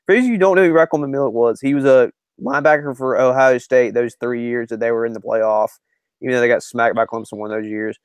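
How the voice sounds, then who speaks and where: A man co-hosting a sports podcast in loose, rambling chat, often stopping to correct himself. His voice is smooth and clear. The recording is dry and close. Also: medium pitch, fast talker, dry recording. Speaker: podcast co-host and writer.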